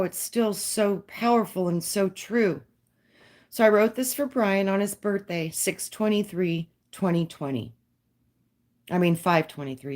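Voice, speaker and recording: A woman hosting a live stream, reading a poem and talking in a soft, dreamy, emotional way, her voice shaking at times. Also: medium pitch.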